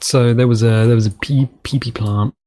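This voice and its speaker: Building in a map editor, a let's-play commentator talks casually in a rambling, self-deprecating way, now and then putting on goofy voices. His mellow mid-range voice moves at a normal pace with fairly even intonation.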